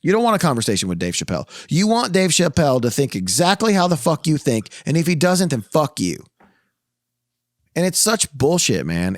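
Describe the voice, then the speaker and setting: A man's voice: fairly high pitch, no room sound, clean studio sound. A man co-hosting a podcast in casual chat, ranting heatedly and swearing a lot. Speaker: podcast co-host. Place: podcast studio.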